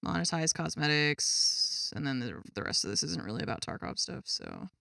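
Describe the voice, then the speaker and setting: A woman's voice: low-pitched, sing-song, normal speed, creaky, bright, forceful tone, no echo, clean studio sound. A woman streamer chatting casually to her viewers at her gaming desk at home, exasperated and swearing freely. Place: home gaming setup with a cat.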